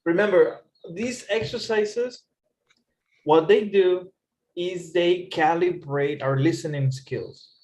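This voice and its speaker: A man tutors English over a video call, explaining calmly and repeating his points. His voice sits a little high. He sounds patient and clear. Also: slow pace, rough recording. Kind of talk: online tutoring session.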